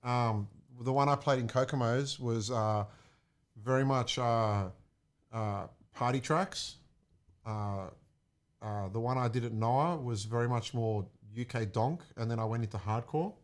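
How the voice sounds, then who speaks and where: A man, a DJ chatting casually on a podcast and telling lively stories. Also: mid-range voice, measured pace. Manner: animated storyteller, laughs while telling. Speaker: DJ and podcast regular. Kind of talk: casual chat, storytelling.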